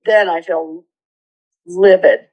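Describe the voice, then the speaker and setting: An older woman talking earnestly in a therapy session, halting and close to tears. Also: lowish voice, steady tone, darkish tone, low-quality recording. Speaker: mother of the host. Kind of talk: emotional conversation in therapy.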